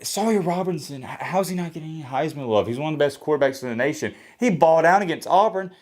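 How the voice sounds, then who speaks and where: Blunt, opinionated man trash-talking sports. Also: fairly high pitch. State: slightly hoarse. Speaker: sports vlogger. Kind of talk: solo college football reaction.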